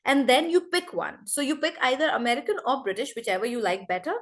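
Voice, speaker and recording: A woman teaching an online accent class, chatty and repeating example words slowly. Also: high-pitched, sing-song.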